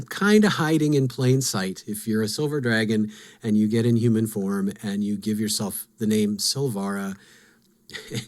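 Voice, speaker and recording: A man of middling pitch talks through fantasy game lore as a podcast host. His delivery is casual and musing. He is quick to poke fun at himself over what he does not know. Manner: musing, self-deprecating.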